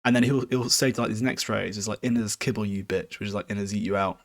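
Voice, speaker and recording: A man's voice: on the low side, flat delivery, quick pace, gravelly. A man hosting a podcast, giving a casual, rambling chapter recap and chuckling often. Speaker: podcast host.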